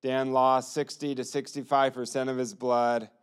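A man's voice: mid-range voice, level tone, moderate pace, smooth. A man telling his personal testimony in an earnest storytelling manner, acting out the lines of others. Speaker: testimony speaker.

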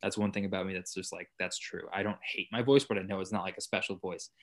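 A man's voice: deep voice, fairly even intonation, quick pace. A young adult man guesting on a podcast in casual chat, laid-back and swearing freely. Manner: laid-back, swearing, mock-enthusiastic bursts.

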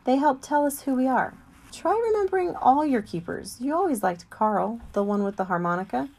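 Gentle wise she-elephant, soft and kind; a woman reader voices her. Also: high-pitched, animated, moderate pace, vocal fry, voice pushed up, heavily acted. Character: gentle, wise female elephant with a sore leg.

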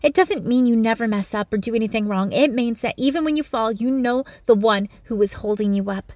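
Woman, gentle devotional teaching, earnest and encouraging, slightly higher voice, dry close sound. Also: fairly quick, no echo. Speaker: Christian devotional speaker.

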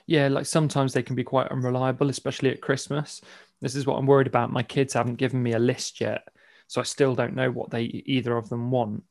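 A middle-aged man, hosting a casual podcast chat, croaky as he loses his voice. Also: mid-range voice, little pitch movement, quick pace, darkish tone. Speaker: podcast host.

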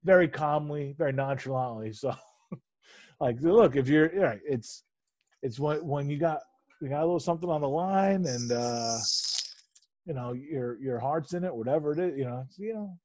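A man in his thirties co-hosting a casual sports chat, rambling and animated, swearing freely and laughing often. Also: fairly high pitch, moderate pace. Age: 30s. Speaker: podcast co-host.

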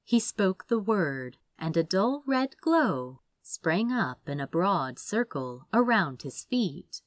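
A woman narrating a fantasy audiobook in a measured, expressive way. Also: on the low side, no room sound, studio quality.

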